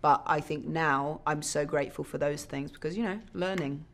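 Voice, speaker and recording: A woman's voice: low-pitched, fairly even intonation, moderate pace. Chatty, candid woman in an interview. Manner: chatty, candid, self-deprecating. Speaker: actress being interviewed. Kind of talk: casual interview chat.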